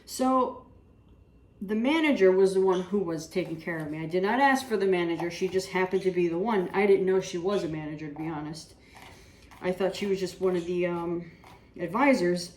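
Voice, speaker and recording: A woman's voice: fairly low pitch, moderate pace, a little mellow, distant mic. A woman hosting a casual home cooking vlog, telling rambling stories and acting out what people said while she cooks in her kitchen. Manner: chatty, rambling anecdotes with reenacted dialogue. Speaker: cooking show host. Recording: roomy kitchen audio from off-mic.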